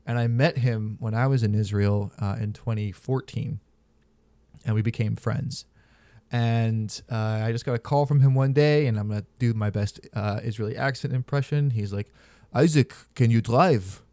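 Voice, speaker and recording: A man's voice: fairly low pitch, steady tone, moderate pace, mellow, dry recording. A man hosting a podcast, telling stories in casual, candid and profane chat. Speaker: podcast host.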